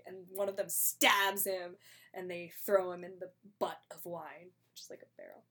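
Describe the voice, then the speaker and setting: A woman recaps a story in easygoing conversation. She is chatty and animated, and she drops into the characters' lines as she goes. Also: medium pitch, normal speed. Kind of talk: casual chat retelling a play.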